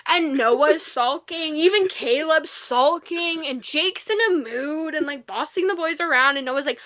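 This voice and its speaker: A woman with a high, bright voice is recapping a novel on a casual podcast. She rambles through the plot, leaning on "like" and tossing in swear words as she goes. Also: normal speed, few pauses. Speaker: podcast co-host. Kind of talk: casual book review chat.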